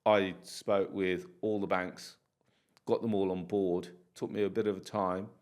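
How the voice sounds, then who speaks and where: A man's voice: low-pitched, unhurried. A man from the UK, a property landlord, telling stories in a casual podcast interview and acting out the dialogue. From United Kingdom. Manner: animated storyteller, acts out dialogue.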